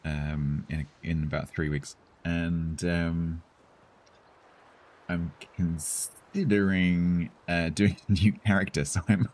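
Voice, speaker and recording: A very low-voiced English man with a slightly husky tone, speaking with a Received Pronunciation accent tinged with London. He chats casually with his stream viewers, hesitating and restarting as he thinks aloud. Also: darkish tone. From England. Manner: chatty, hesitant, with many fillers and restarts.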